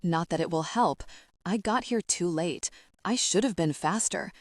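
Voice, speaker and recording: A woman narrating a dark romance audiobook in the first person, with a steady, intimate, measured reading. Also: on the low side, no room sound, clean studio sound.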